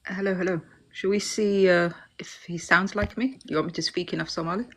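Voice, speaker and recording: A woman's voice: fairly low pitch, steady tone, brisk. A woman calling into a casual livestream chat. She answers with teasing, sarcastic comebacks. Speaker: caller.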